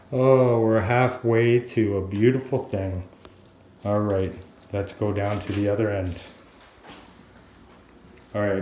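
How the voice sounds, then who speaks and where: Man, hobbyist video diarist, slow and easy delivery, mellow low voice, echoey workshop. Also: slight background noise. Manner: slow, unhurried and chatty. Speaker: hobbyist woodworker vlogger. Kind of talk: casual video diary. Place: workshop room, alone.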